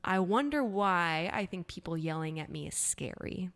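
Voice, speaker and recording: A woman with a lowish voice co-hosts a casual podcast. She talks in a playful, reflective way and swears at times. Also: animated, moderate pace, fairly bright tone. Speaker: podcast co-host. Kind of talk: casual chat.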